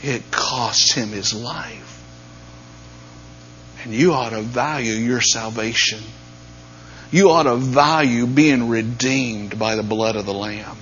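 A man preaching a sermon, dropping to near-whispers and then rising to loud, emphatic peaks. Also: medium pitch, takes it slowly, pauses often. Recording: dull lo-fi sound with faint mains hum.

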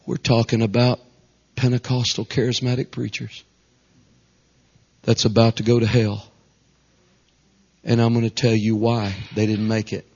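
A man, a traveling Pentecostal preacher, delivering a revival sermon emphatically, with lots of repetition and a husky voice. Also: mid-range voice, flat delivery, measured pace, pauses often. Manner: emphatic, repetitive, swings between hushed and raised. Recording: dull lo-fi recording.

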